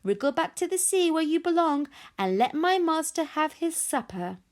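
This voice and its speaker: A woman's voice: on the high side, animated, slow, darkish tone. A woman voicing a small, boastful female dragon who taunts and mocks her enemy in a storybook reading. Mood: sneering. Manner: sneering, mocking, grandly insulting.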